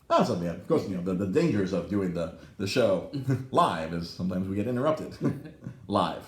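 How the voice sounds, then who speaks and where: Animated, swearing man in his thirties. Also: deep voice, normal speed, reverberant. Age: 30s. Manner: animated, profane, acts out quoted voices. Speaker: podcast host. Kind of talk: casual podcast storytelling. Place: podcast studio in a comic shop.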